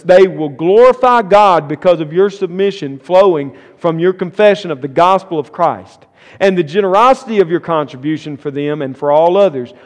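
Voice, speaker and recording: High-voiced preacher in a reverberant church. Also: male voice. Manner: reads scripture then preaches with rising emphasis. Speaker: pastor. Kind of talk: sermon. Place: church sanctuary. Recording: long church hall reverb.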